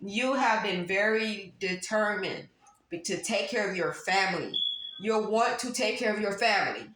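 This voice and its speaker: A woman's voice: medium pitch, expressive, moderate pace, a bit bright. Woman giving an emphatic tarot reading. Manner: emphatic, repeats phrases for stress. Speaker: tarot reader. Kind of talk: casual tarot reading to viewers. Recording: roomy echo, faint background noise.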